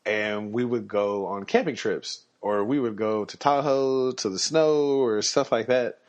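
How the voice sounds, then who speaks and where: A man hosting a podcast, telling personal stories in a casual, animated way and chuckling as he goes. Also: measured pace. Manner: animated, chuckling, jumps up in pitch when quoting people. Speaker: podcast host. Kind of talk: casual storytelling monologue. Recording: slightly muffled lo-fi podcast audio.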